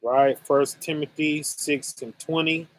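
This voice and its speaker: Man, religious livestream host, slow deliberate delivery, talks straight to chat viewers, conversational. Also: on the high side, steady tone. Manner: conversational, with frequent "right?" and "you know". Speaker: host of a religious online conference. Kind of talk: casual livestream teaching on scripture.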